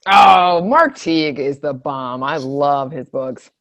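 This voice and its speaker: A woman's voice: low-pitched, slow pace, fairly bright tone. A woman, a children's librarian, chatting casually and upbeat between stories. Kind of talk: casual chat.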